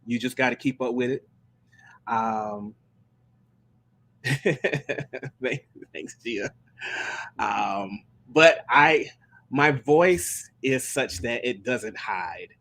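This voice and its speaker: A man's voice: medium pitch, drawn-out words, pauses often, a bit bright. A man who sings gospel and leads worship, chatting casually on a live stream and telling stories in a meandering way with many restarts. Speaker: gospel singer and worship leader.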